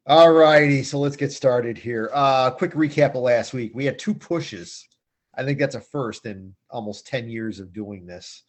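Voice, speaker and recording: A man's voice: medium pitch, unhurried. A man hosting a sports picks show in a chatty, jokey, rambling way. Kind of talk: casual sports picks chat.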